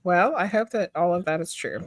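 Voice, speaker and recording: A woman from the United States co-hosting a casual podcast, reacting in a lively, chatty way. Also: lowish voice, fairly quick, dry recording. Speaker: podcast co-host. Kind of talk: casual chat.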